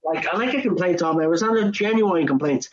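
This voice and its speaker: A young Irish man on a casual podcast, telling a work story in an animated way and acting out both sides in quoted voices. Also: high-pitched, fast, muffled recording. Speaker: podcast co-host. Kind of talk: casual chat.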